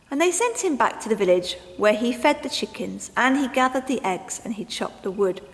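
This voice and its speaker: A woman leading a school assembly and reading a story aloud to young children in an expressive, animated way. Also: fairly high pitch, normal speed, hardly any pauses. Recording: echoey hall with long reverb.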